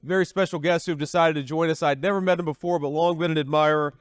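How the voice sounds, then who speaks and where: A man's voice: on the high side, steady tone, fast, smooth, no echo. Folksy man giving a rally speech. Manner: folksy, repetitive, with frequent restarts. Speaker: political candidate at a rally.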